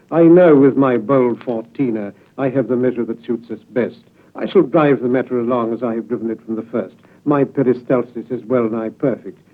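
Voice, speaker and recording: A man reciting his own poetry in a declamatory way, booming some lines and letting others trail off low. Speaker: poet. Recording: tinny lo-fi archival radio recording.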